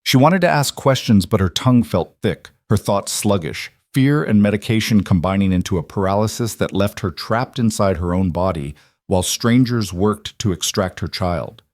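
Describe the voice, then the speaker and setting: A man with a low-pitched voice telling a dramatic story in a measured, emotive way. His voice-over is close and dry, with no room sound. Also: no echo. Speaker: narrator. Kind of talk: scripted dramatic narration.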